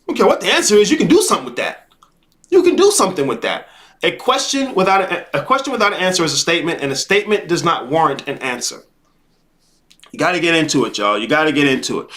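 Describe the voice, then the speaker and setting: A man's voice: high voice, bright, forceful tone. A man hosting a live-stream coaching show, talking in an emphatic, repetitive, profane and preachy way. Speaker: life coach host. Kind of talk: live-stream motivational monologue.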